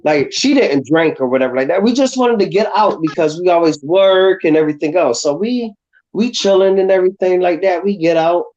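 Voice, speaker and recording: A man's voice: high voice, brisk. A man telling a rowdy story in casual livestream talk. He acts out the other people in the story as he goes. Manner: animated, acts out voices in his stories. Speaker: guest. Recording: dull, lo-fi call audio.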